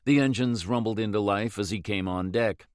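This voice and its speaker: Low-voiced male audiobook narrator, dry. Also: normal speed, no echo. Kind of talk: scripted narration.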